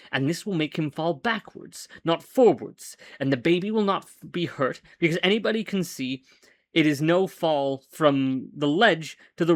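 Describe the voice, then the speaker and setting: A man voicing a cocky male gunman who speaks low and matter-of-fact. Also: fairly bright tone, no room sound.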